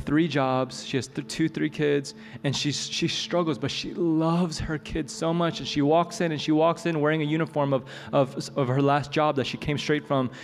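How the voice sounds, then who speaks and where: A man preaching a sermon as a pastor, telling a story in a relaxed, joking way. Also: on the high side. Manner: conversational, joking asides. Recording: long hall reverb, soft music.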